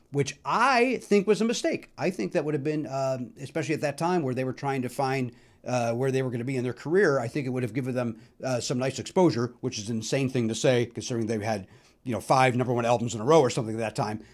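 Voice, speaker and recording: A middle-aged male comedian hosting his own podcast, telling self-mocking stories about records, with loud bursts and mumbled asides. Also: fairly high pitch. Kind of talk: comic solo monologue about records.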